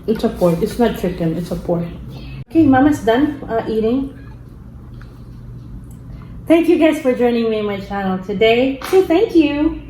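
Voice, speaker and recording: A woman from the Philippines hosting a family mukbang vlog, chatting slowly and coaxing her child. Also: fairly high pitch, lively intonation, dark tone. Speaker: vlogger mother hosting a mukbang. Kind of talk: casual family vlog chat. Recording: echoey room with faint background hum.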